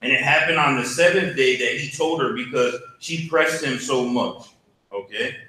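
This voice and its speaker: Bright-voiced man teaching a Bible class. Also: medium pitch, moderate pace. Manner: conversational, asks class questions. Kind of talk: casual teaching. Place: church classroom. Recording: very echoey room, faint hum.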